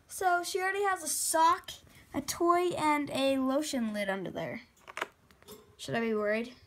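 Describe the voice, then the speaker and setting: A young woman vlogging casually at home in a chatty, excitable way, often quoting what others said. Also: high voice, a little slow, slight background noise. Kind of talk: casual vlog chat to camera.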